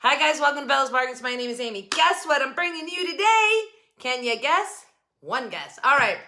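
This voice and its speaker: A woman's voice: sits high, animated, moderate pace, bright, forceful tone. A woman hosting a casual crafting vlog from her home craft table, chatty and rambling. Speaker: craft channel host.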